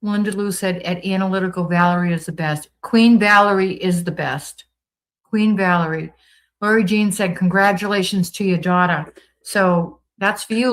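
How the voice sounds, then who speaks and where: Reading out comments from her chat, a Boston-accented woman answers viewers warmly and chattily, gushing and upbeat throughout this casual livestream. Her voice sits fairly low, and the sound is poor.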